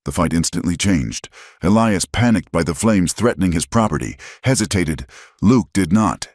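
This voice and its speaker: A man's voice: low-pitched, lively intonation, normal speed, a little mellow, dry recording, studio quality. A man narrating a western story in a dramatic, scripted way.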